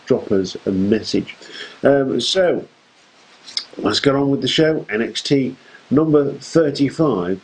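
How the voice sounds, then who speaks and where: A man's voice: medium pitch, a little mellow, breathy edge, poor audio. A man hosting a fan show, giving a chatty, rambling recap of a wrestling show with jokey asides.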